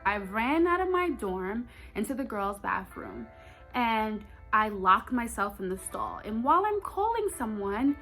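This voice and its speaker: A woman's voice: a little high, sing-song, a little slow, a bit bright, faint music behind. A young woman telling a personal story in a storytime vlog, talking straight to her viewers with emphasis. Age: young adult.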